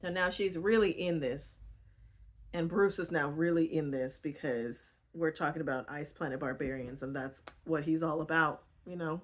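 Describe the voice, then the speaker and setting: A woman casually retelling a book, animated and indignant, laughing easily. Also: low-pitched, moderate pace. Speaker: book vlogger.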